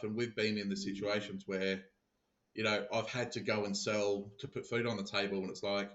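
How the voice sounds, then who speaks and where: A low-pitched man talks through his sales stories in a casual podcast chat, often stumbling and repeating words as he restarts a thought. His voice sounds roomy and a little dull, as if it was recorded remotely in an echoey room. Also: little pitch movement, normal speed, fairly bright tone. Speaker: podcast guest, sales business founder. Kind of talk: casual conversation.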